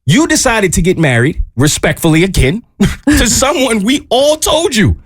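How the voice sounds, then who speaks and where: This man's voice sits high, swings up and down all over the place, and he gets very lively as he tells a story between his laughs. The sound is dry and close, recorded in a studio. He talks in a casual, conversational way and acts out each quote. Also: moderate pace, dry recording. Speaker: radio show co-host. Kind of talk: casual radio chat, storytelling.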